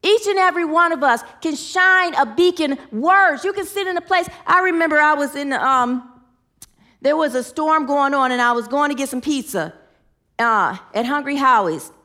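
A woman's voice: sits high, lively intonation, moderate pace, pushed and bright. A woman teaching a sermon in an earnest manner, leading her listeners in affirmations and telling stories with animation. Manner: earnest, leads the group in affirmations. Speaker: spiritual teacher.

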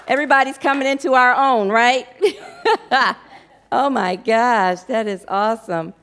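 A woman minister preaching a sermon to her congregation, animated and emotional, laughing often. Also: on the high side, a little slow, a little hiss or hum.

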